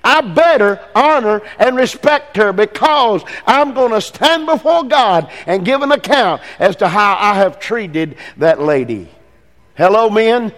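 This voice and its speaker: An older man preaches with fervor, his fairly high voice swinging between quiet, intimate passages and ringing declarations. The sound carries the long reverb of a big church sanctuary. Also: lively intonation, a little slow, few pauses. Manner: fervent preaching, rising and falling between hushed and loud. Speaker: pastor. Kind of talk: sermon.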